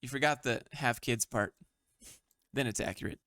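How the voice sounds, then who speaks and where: A man's voice: mid-range voice, moderate pace, bright, forceful tone, no echo, clean studio sound. A man hosting a commentary show, reading memes aloud and mocking them bluntly, swearing often. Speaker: host. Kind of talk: sarcastic meme commentary.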